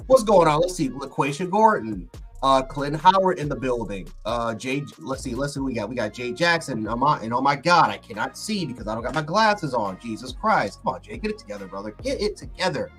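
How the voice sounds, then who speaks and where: A man hosting a casual livestream, talking in an excitable, rambling way with lots of fillers and restarts. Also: mid-range voice, brisk, faint music behind. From Buffalo, New York. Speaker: sports channel host.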